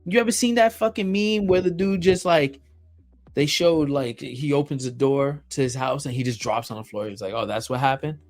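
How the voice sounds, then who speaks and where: A man's voice: a little high, normal speed, a little mellow, faint music behind. A man hosting a solo podcast, blunt and emphatic, swearing often and repeating himself for effect. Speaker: podcast host.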